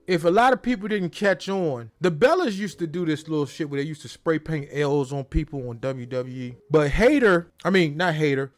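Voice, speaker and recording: A young man hosting a casual, jokey wrestling recap in slangy, animated talk. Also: fairly high pitch. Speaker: host.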